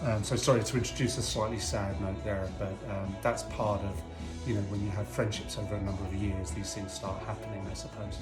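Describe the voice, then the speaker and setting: A man's voice: lowish voice, little pitch movement, a little fast. A man hosting a casual home cocktail demo, talking in a chatty, rambling way with joking asides to a friend. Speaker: home cocktail video host. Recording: roomy echo, faint music.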